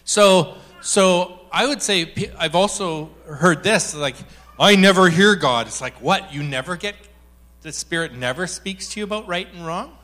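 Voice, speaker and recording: A man preaching a sermon in a lively, joking way, telling stories and acting out quotes as he talks to a congregation. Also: high-pitched, normal speed. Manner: animated and joking, acts out quotes. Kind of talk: sermon with storytelling.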